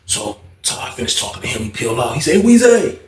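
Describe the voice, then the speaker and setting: A man's voice: medium pitch, fast, gravelly, echoey room, a little hiss or hum. A man telling a story in a casual, slangy, profane way, acting out the people in it. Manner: slangy, profane, animated retelling with quoted voices.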